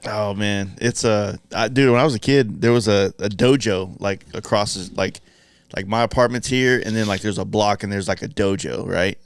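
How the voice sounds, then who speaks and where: A man's voice: lowish voice, normal speed, clean tone, no room sound. A man in his forties co-hosting a casual podcast, rambling with lots of fillers and jokes. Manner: rambling, filler-heavy, joking. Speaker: podcast co-host.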